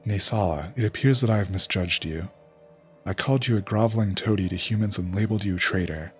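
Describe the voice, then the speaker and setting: A man's voice: on the low side, quick pace, soft background music, close to an everyday voice. A man reading out a proud, grieving male heron prince from a game. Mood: distraught.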